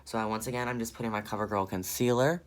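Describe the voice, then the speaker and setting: This makeup vlogger, a man from the Southern United States, talks quickly in a fairly low, steady voice. He muses aloud as he works and gushes over the shades.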